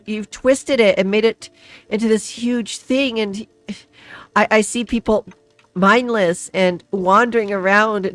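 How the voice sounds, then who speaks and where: A woman's voice: mid-range voice, no room sound, voice pushed up, close to an everyday voice. A woman voicing a distressed young woman who stammers and pleads, close to tears. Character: distressed young woman bound by a dark deal.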